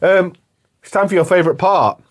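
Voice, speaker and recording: A man hosting a podcast in casual chat, jokey and animated, acting out movie scenes. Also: high voice, fairly quick, music in the background. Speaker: podcast host.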